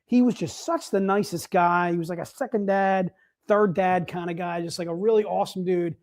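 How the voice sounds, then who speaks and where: A man hosts a live sales stream, upbeat and casual, calling everyone "dude." His voice is high, with a steady tone and normal speed.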